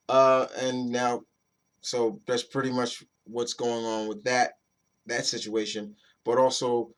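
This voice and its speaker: A man giving a casual, rambling comic book review, loose and chatty with mild swearing and frequent restarts. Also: mid-range voice.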